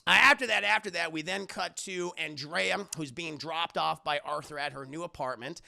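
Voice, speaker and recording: A man casually retelling a film's plot to his stream chat, animated and profane. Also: on the high side, normal speed, creaky, few pauses. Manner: animated, profane, laughs often. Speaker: movie reviewer streaming to chat.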